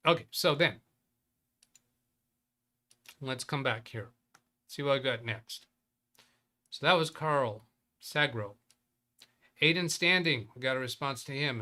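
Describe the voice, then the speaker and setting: A man with a medium-pitched, sharp-toned voice hosts a live Windows help stream. Chatting casually, he rambles and thinks out loud while reading emails from viewers.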